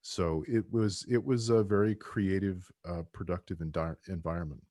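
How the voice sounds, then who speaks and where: Deep husky man talking about his book. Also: fairly even intonation, normal speed, warm tone, dry recording, studio quality. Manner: rambling, with many restarts and "you know". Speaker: book co-author and guest. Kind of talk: casual podcast conversation.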